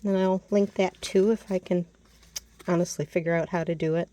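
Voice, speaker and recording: This crafter has a warm, lowish, steady voice and talks at normal speed as she presents her handmade mini album. Chatty and casual, she keeps losing words and correcting herself.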